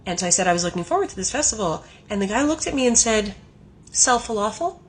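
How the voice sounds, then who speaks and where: A woman's voice: medium pitch, lively intonation, racing, low-quality recording. A woman from Canada telling a story to camera, chatty and incredulous. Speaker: former financial advisor.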